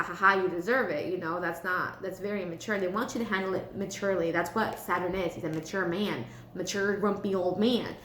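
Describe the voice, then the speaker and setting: A woman gives a casual tarot reading in a chatty, blunt way, with the odd swear word. Her voice sits in the middle range. The room is echoey, and a faint hum runs underneath. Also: medium pitch. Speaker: tarot reader.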